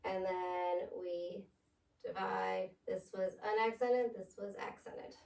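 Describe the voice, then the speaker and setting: A woman's voice: mid-range voice, steady tone, slow, vocal fry, darkish tone, distant mic. A woman tutoring a pupil in phonics, patiently spelling words out letter by letter. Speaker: reading tutor. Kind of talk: one-on-one phonics lesson. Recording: echoey room, voice off-mic.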